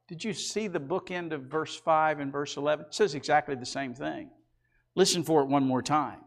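A middle-aged male pastor preaching a sermon and reading scripture aloud, swinging between loud emphatic lines and quiet low passages. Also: lively intonation, moderate pace.

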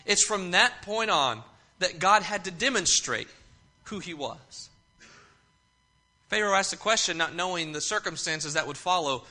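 A man delivering a sermon in a high, piercingly bright voice. He reads scripture aloud and then explains it, repeating key phrases for emphasis and often restarting a thought mid-sentence. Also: moderate pace. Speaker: pastor.

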